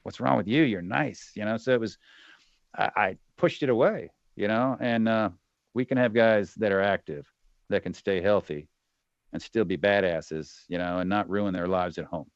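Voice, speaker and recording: A man's voice: fairly low pitch, normal speed, clear, resonant tone, dry recording, muffled recording. A middle-aged man and retired soldier talking bluntly and with profanity as a podcast guest, often acting out quoted voices. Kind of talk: candid interview talk.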